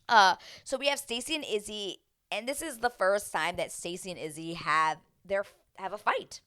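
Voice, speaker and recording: A woman's voice: medium pitch, lively intonation, fairly quick, fairly bright tone, clean tone. A young woman hosting a casual reality-show recap, chatting loosely, acting out quotes and swearing now and then. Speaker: TV recap host.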